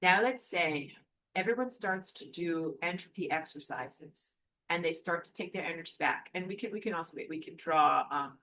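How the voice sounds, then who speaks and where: Woman, bright tone, casual whiteboard teacher; playful, thinks out loud, self-correcting. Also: on the low side, expressive, normal speed. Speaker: spiritual teacher. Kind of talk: casual whiteboard lecture while drawing.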